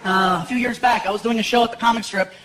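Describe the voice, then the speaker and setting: A man from Los Angeles telling stories on stage in an animated stand-up set, acting out voices. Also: sits high, fast, a crowd in the background. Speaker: stand-up comedian. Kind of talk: stand-up comedy storytelling. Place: large comedy theater. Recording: roomy hall, loud audience laughter.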